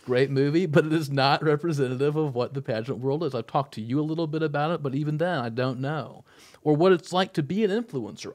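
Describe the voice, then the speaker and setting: A man's voice: medium pitch, darkish tone. A young man co-hosting a podcast, joking and rambling in casual chat. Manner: joking, rambling, quick to laugh. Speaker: podcast co-host.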